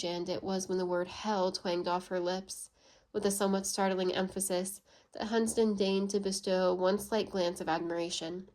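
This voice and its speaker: A woman reading a classic novel aloud, steady and measured, with occasional small slips. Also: mid-range voice. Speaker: audiobook reader.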